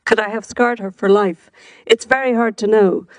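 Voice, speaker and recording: Cold self-justifying husband, read by a woman, calm measured reading, dry. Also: mid-range voice, dry recording, lightly acted. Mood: coolly detached. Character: cold self-justifying man who hit his wife. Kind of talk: reading fiction aloud.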